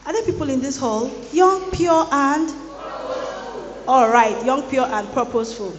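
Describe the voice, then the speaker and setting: A woman's voice: high voice, measured pace. Playful woman preaching in a hall. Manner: playful, teasing the audience. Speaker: guest speaker at a student boot camp. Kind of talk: lively motivational sermon. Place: large hall. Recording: echoey large hall.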